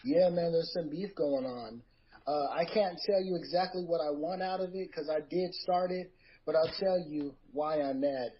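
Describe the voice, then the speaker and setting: A man's voice: fairly high pitch, moderate pace, a little hiss or hum. A man as a podcast guest delivering a theatrical, boastful wrestling-style promo over a muffled online call.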